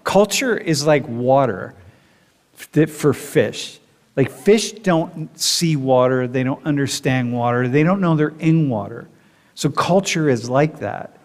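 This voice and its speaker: A man lecturing to a university class, talking in an animated, rambling way with constant fillers. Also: medium pitch, slow pace, faint music behind. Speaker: university professor. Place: large lecture hall. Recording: long hall reverb.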